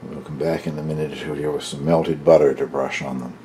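An older man casually narrating his home baking for a cooking video, chatty and relaxed, tasting as he talks. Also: very deep voice, fairly quick, slight background noise. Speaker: home baker, channel host.

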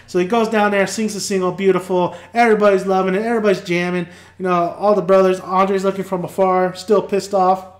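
A man hosting a casual TV review, retelling scenes in an animated way and acting out characters' lines. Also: high voice, fairly quick, hardly any pauses, echoey room. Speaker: TV review host. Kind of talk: casual spoken TV recap.

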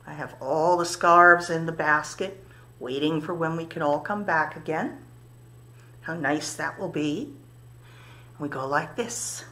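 Slow, low-voiced librarian woman leading story time. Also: a little hiss or hum. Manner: gentle, encouraging, talking to toddlers and parents. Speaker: children's librarian.

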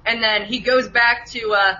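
Woman, bright tone, casual analytical chat, lo-fi sound, faint hiss. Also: on the high side, steady tone, moderate pace. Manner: explains at length, analytical. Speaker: co-host in a film review chat.

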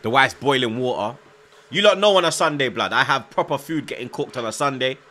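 A man's voice: medium pitch, lively intonation, a little fast, pushed and bright. A young man, chatting casually on a live football stream, reading out viewer comments, nervous but hyped. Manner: slangy, repeats himself, reads out chat, nervous yet hyped.

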